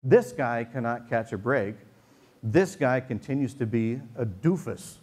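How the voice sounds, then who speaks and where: A male pastor addresses his congregation in the church sanctuary, his mid-range voice animated, darkish and slightly rough, at a measured pace. His sermon is conversational, with jokes and stories woven in.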